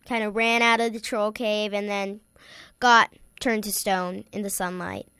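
A woman hosting a story show, telling a playful tale with lively delivery and sudden whispered asides. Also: medium pitch, a little slow, clean tone, dry recording. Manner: lively, acts out voices, drops to whispers. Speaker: storyteller host.

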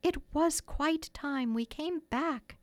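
Woman reader as a motherly girl, higher, earnest, dry sound. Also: expressive, normal speed, dry recording.

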